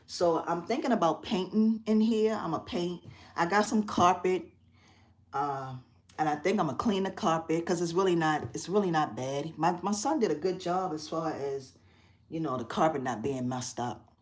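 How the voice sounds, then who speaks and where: A middle-aged woman hosts a casual live stream on her phone from a quiet bedroom at home. Her voice sits a little low, and she talks in a chatty, expressive way, laughing often. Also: moderate pace. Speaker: craft channel host.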